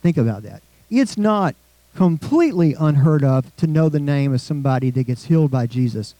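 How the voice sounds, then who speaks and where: Man preaching, mellow and dry. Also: on the high side, expressive, moderate pace, no echo, low-quality recording. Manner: conversational preaching, asks the congregation questions. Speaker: pastor. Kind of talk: sermon.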